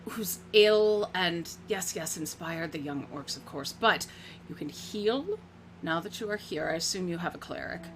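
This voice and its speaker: Femme jouant une vieille cheffe orque lasse. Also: female voice, on the low side, lively intonation, a little slow, slight background noise. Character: older scarred orc woman, weary healer leader.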